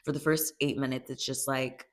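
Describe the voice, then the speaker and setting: Low-voiced woman recapping a show casually. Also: level tone, normal speed. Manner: chatty, acts out quotes with "she's like".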